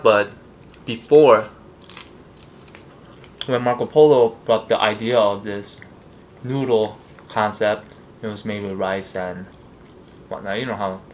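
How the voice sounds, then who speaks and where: A man's voice: on the low side, slight background noise. A man hosting an eating show, chatting casually and rambling a little between bites at a table. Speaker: mukbang host.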